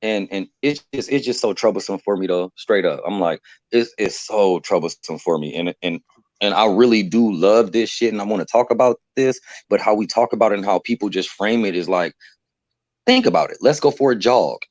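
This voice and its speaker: A man on a live stream discussion, talking in an animated, profane way and laughing often. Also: on the low side, brisk, no room sound. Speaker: livestream panelist. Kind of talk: heated casual discussion. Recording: dry, dull lo-fi sound.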